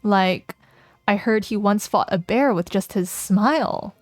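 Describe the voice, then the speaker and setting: A woman streamer reads a dating game aloud playfully, laughing often and chatting with viewers between lines. Her medium-pitched voice is unhurried, with faint music in the background and no room sound.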